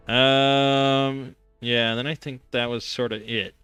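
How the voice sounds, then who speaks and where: A man's voice: medium pitch, fairly even intonation, a little slow, few pauses, pushed and bright, clean tone, soft background music. A young man hosting a casual gaming stream, rambling sarcastically with lots of fillers and restarts.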